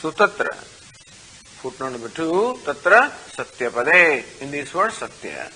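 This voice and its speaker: An older man teaching a scriptural study class, explaining slowly with many fillers and reciting Sanskrit. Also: a little high, big pitch swings, pushed and bright, slight background noise, low-quality recording. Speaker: Vedanta teacher.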